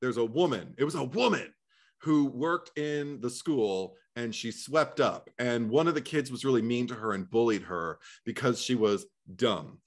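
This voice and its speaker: A man's voice: medium pitch, moderate pace. A man co-hosting a movie podcast, telling stories in a frank, chatty way and laughing often. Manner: frank, swears freely. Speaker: podcast co-host. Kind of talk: casual movie discussion.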